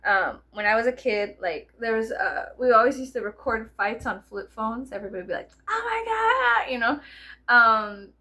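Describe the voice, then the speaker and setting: A woman's voice: a little high, brisk, hardly any pauses, sharp tone. A woman, chatting casually to camera in a rambling, giggly, profane way full of fillers. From South Texas. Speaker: vlogger.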